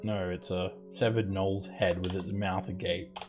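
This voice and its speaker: A man's voice: low-pitched, little pitch movement, a little slow, a little mellow, soft background music. A man narrating a tabletop game as dungeon master, describing rooms and ruling on what the players try.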